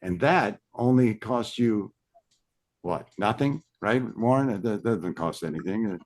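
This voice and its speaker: A male podcast host from South Louisiana wanders through his stories in relaxed, rambling chat. His voice runs low for a man, and he often drifts off into side stories. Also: unhurried. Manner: rambling, digressive storyteller.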